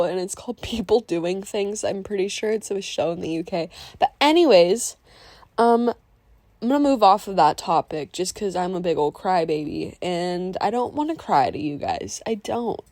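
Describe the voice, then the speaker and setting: A woman's voice: mid-range voice, darkish tone, no echo. A woman in her mid-twenties chatting through a painting video voiceover, rambling, losing her train of thought and speaking openly about her feelings. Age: 20s. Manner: openly emotional and sentimental. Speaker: art vlogger narrating a painting video. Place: voice-over recorded apart from the painting footage.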